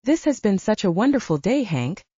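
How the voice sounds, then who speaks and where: A woman voicing a gentle, sheltered young woman from another realm, speaking softly and with delight. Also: medium pitch, sing-song, normal speed, breathy edge, no room sound, dull audio, pitched above the performer's own voice. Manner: soft, wide-eyed and delighted.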